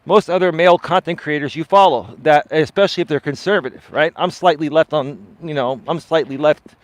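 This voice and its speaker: A man, a life coach, chatting live with viewers while out on a walk, swinging his pitch up and down and often asking "right?". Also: brisk, dry recording. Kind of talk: live-stream chat answering viewer comments. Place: outdoors on a walk.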